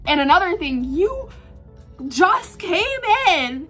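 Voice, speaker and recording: A young woman vlogger telling a work story in casual chat, animated and exasperated, with lots of filler words and sighs. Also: very high voice, slow, soft background music. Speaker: art vlogger.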